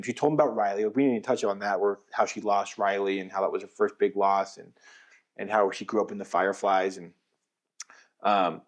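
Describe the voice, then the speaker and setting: A man with a slightly low voice, chatting on a podcast. He retells scenes with real animation, slips into acted-out quotes, and trips over his restarts as he goes. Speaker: podcast co-host. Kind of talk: casual podcast chat.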